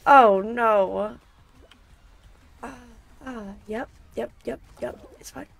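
A young woman streaming a game, reacting loudly, complaining about the levels and thanking viewers in chat. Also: a little high, takes it slowly, vocal fry. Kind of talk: casual live-stream gameplay chat. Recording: faint game music behind.

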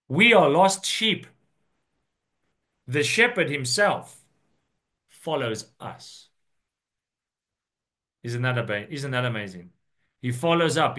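A man preaching an earnest sermon, reading and explaining scripture with slow, drawn-out emphasis. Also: mid-range voice, a bit bright.

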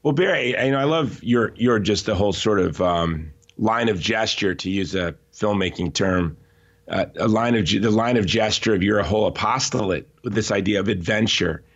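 A man being interviewed, telling stories in an animated, emphatic way with frequent restarts. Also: lowish voice, moderate pace, lo-fi sound. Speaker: interview guest. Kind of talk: conversational podcast interview.

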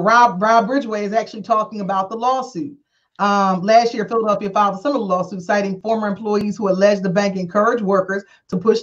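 A woman hosting a talk show, telling a story casually with animated, acted-out dialogue and frequent laughter. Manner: animated, acts out quoted dialogue with big pitch jumps; laughs often while talking. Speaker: attorney and show host. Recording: dull lo-fi sound.

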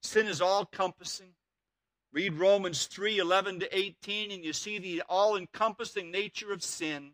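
Pastor, male, high bright voice, earnest emphatic sermon delivery, dry close sound. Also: fairly even intonation, normal speed, no echo. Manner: earnest and emphatic, repeating key words.

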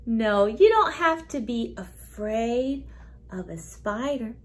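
A preschool music teacher, a woman, talking playfully to young children in a gentle sing-song way, often repeating her words. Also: on the high side, lively intonation, takes it slowly.

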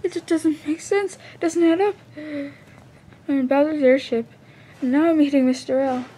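A woman's voice: high voice, fairly even intonation, normal speed, dark tone. A woman voicing every character in a comedic fan skit, stammering with hesitant restarts. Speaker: fan video maker voicing all characters.

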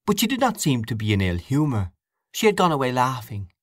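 In clean studio sound, a man with a mid-range voice reads an audiobook in a measured, expressive way. The scripted narration is recorded dry.

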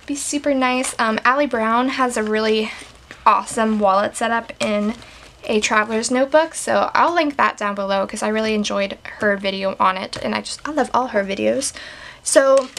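A woman's voice: fairly high pitch, moderate pace, creaky, fairly bright tone. A woman vlogger chatting casually while showing off her stationery setup, with lots of "like" fillers. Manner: enthusiastic. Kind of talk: casual show-and-tell chat.

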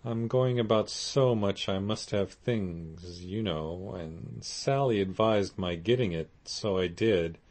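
A man reading an audiobook voices a remorseful young wife, pitching his deep voice up and pleading. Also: slow, few pauses, darkish tone. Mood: ashamed.

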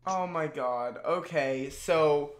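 A young adult host giving casual, animated commentary on old videos. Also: mid-range voice, slow, slight background noise. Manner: animated, laughing, exclaiming. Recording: echoey room.

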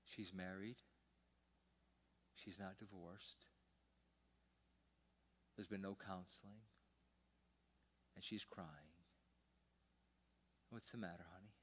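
An older man preaching a sermon as pastor, telling a personal story and swinging between loud emphasis and hushed, almost whispered lines. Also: deep voice, steady tone, slow, long pauses, a little hiss or hum. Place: church sanctuary.

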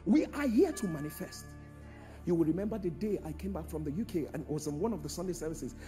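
A man preaching a sermon in a large church, calling out to the congregation and swinging from hushed tones to shouts. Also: on the high side, lively intonation, fast, faint music behind. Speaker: pastor.

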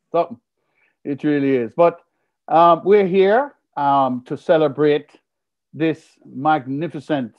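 A man's voice: fairly high pitch, highs cut off. Punning Jamaican man doing stand-up comedy. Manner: playful, punning, animated storytelling. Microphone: video call.

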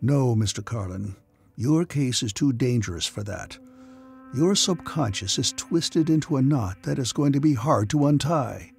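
Brief: composed male alien doctor, grave and patient, rough-textured; a man reads him. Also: medium pitch, a little slow, soft background music, exaggerated voice. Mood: sober. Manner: calm, sober, thoughtful. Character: calm, sober male alien psychotherapist.

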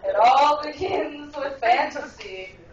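A young woman performing a spoken word poem live in a bar, telling it with wry, lively timing. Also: high voice, slow, very noisy. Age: young adult. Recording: echoey bar, distant lo-fi mic.

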